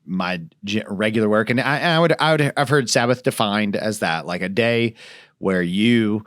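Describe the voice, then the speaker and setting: A man's voice: fairly low pitch, normal speed, fairly bright tone, dry recording, clean studio sound. A male pastor chatting casually on a church podcast, rambling with frequent restarts.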